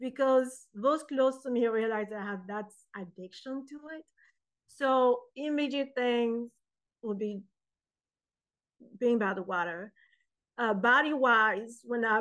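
A young woman with a French accent talks in an interview, lively and storytelling as she answers. Her voice sits a little high for a woman. She acts out quoted voices now and then. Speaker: poet and author. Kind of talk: interview conversation.

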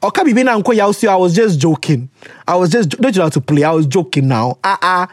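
Lively Ghanaian host, dry close sound. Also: medium pitch, fast, no echo. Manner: animated, mixes English with Twi phrases. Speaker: podcast host answering listener letters. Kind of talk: casual advice chat.

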